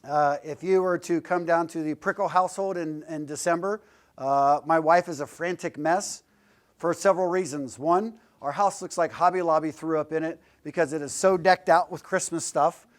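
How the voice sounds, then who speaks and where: Blunt, joking guest speaker, man, fairly high voice, casual classroom talk. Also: steady tone, normal speed. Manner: joking, blunt, lightly profane storyteller. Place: classroom lecture.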